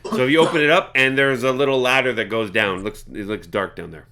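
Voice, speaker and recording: A man narrating as game master of a tabletop game, talking in halting bursts full of fillers. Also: medium pitch, fairly even intonation, bright, forceful tone. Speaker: dungeon master.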